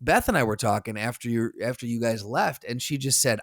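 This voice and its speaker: A man's voice: medium pitch, animated, a little fast, no room sound, clean studio sound. A man co-hosting a podcast in casual chat, rambling and restarting sentences as he retells what others said. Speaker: podcast co-host.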